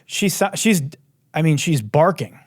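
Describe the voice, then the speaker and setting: A man's voice: fairly high pitch, big pitch swings, measured pace, dry recording, studio quality. A man hosting a comedic commentary show, ranting sarcastically. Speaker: host.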